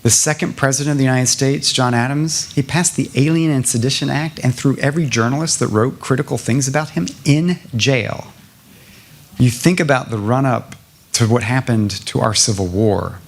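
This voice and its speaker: A man's voice: medium pitch, normal speed, gravelly. A middle-aged man from South Carolina answering a question at a public lecture, earnest and building to emphatic lists. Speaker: guest speaker at a public lecture.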